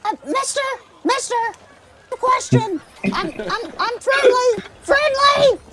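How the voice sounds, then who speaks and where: A man voicing a timid, eager goblin in a squeaky, stammering high voice. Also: very animated, slow pace, noisy background, full character voice. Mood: pleading. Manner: stammering, pleading.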